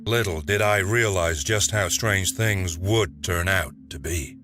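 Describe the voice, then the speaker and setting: A man's voice: low-pitched, a little slow. A man narrating a first-person horror story in a dramatic, tense way. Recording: narration over music.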